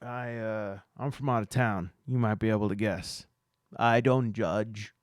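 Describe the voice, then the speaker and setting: A man's voice: lowish voice, steady tone, dry recording, studio quality, lightly acted. A man playing a fumbling Southern investigator. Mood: awkward. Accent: put-on Southern US. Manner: fumbling and halting. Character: awkward male out-of-town investigator.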